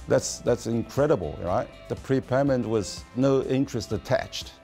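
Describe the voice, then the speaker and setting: A man's voice: medium pitch, moderate pace, hardly any pauses, dark tone, soft background music. An enthusiastic man in an interview, ending points with "right?".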